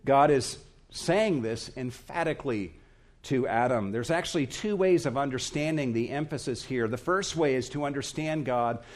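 A man preaching an expository sermon, earnest and emphatic, speaking in short, measured phrases. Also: mid-range voice. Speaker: pastor.

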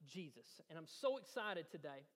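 High-voiced pastor preaching in a hall. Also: male voice, expressive, a little fast, fairly bright tone. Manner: storytelling, rising to eager emphasis. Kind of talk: sermon. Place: church sanctuary. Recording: church hall reverb.

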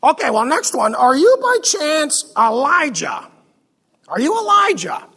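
A man's voice: very high voice, huge pitch swings, unhurried, vocal fry, bright, forceful tone, big-room sound, exaggerated voice. A man doing a fussy, stammering church committee guy. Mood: fussy questioning. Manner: nervous, stammering, bureaucratic questioning. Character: fussy, stiff male church committee member.

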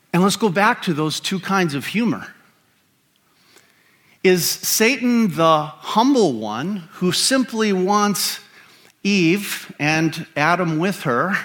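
Male pastor, sermon delivery, slow and deliberate, emphatic with rhetorical questions. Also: high voice, a bit bright.

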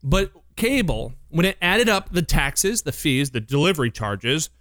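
A man's voice: a little high, sing-song, unhurried, a bit bright, no room sound, clean studio sound. A man co-hosting a radio show, chatting casually on air with playful, teasing banter.

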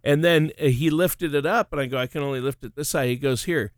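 A man's voice: a little high, fast talker, no room sound, clean studio sound. A middle-aged man co-hosting a finance talk show, telling stories in a chatty way and laughing often. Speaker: radio show co-host. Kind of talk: casual chat.

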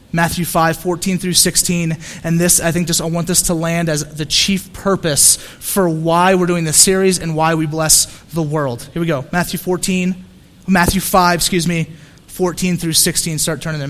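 A man with a fairly high voice preaches a sermon. His delivery is animated and earnest, full of restarts and repetition. The sound carries a long reverb tail, as if in a large hall. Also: moderate pace. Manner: animated storytelling with repeated restarts. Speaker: pastor.

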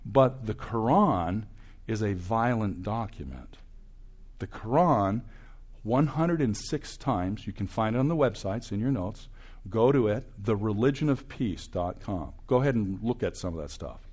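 An older man in his sixties, a campus ministry speaker giving a preaching talk that swings from loud, emphatic bursts to hushed asides. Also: lowish voice, lively intonation, moderate pace, slightly rough.

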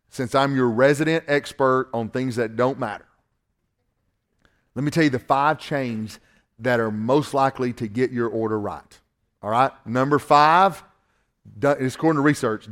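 A man with a Southern accent from Northwest Georgia, preaching a sermon in a folksy, animated, joking way. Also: mid-range voice. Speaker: pastor.

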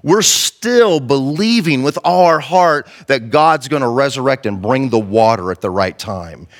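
A man's voice: medium pitch, lively intonation, a little slow. A male pastor preaching an impassioned, conversational sermon and acting out the quotes he tells.

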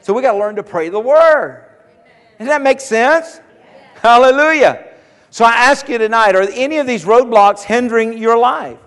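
A man's voice: extremely high pitch, expressive, moderate pace, a bit bright, smooth. A man preaching a sermon as pastor, emphatic and repetitive, rising into fervent calls to his congregation. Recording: hall reverb.

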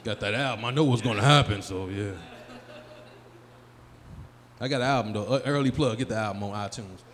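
A man's voice: fairly low pitch, a little fast, fairly bright tone. A man in his forties doing a loose, profane stand-up set and riffing with the crowd at a live comedy venue on a handheld mic. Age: 40s. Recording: live room reverb, faint crowd noise.

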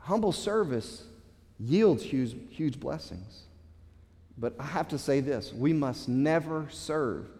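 Pastor, male, fervent sermon delivery with rising emphasis, fairly high voice, long church-hall reverb. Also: expressive, slow, darkish tone. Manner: impassioned preaching with swells of emphasis and repeated words.

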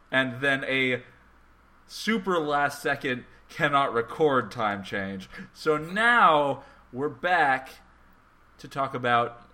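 Lively bright-voiced young man hosting. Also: mid-range voice. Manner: joking, self-mocking, stuttering at times. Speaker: podcast host. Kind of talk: casual comedic podcast chat.

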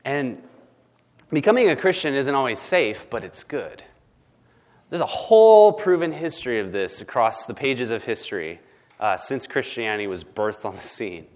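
A man's voice: mid-range voice, expressive, normal speed, a little mellow. A man preaching a conversational sermon, emphatic and chatty, often checking in with "right?" and stumbling over ums and restarts. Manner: lots of ums and false starts. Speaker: pastor.

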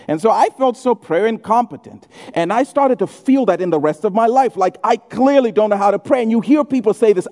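A man preaching a sermon in a church hall, telling stories with humor and doing quick impressions. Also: high-pitched. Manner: humorous, animated storytelling with impressions. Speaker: pastor. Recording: echoey hall.

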